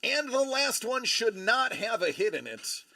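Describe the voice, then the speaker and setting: A man hosting a live stream, excitedly opening trading cards and exclaiming over each one. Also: extremely high pitch, a little slow. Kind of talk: live-stream card breaking.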